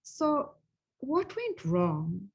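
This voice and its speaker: A middle-aged woman co-hosting a relationship talk, speaking slowly and expressively. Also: medium pitch, gravelly, slightly rough. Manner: slow and expressive. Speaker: co-host and presenter. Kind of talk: presenting talk.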